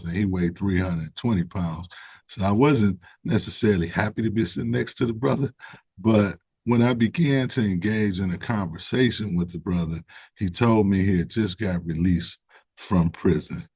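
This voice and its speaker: A man, a guest who founded a recovery organization, speaks in an interview in an earnest, reflective way. He tells stories conversationally, with fillers, and gets more animated when he stresses a point. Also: low voice, moderate pace, slightly rough, no room sound. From United States. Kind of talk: interview storytelling.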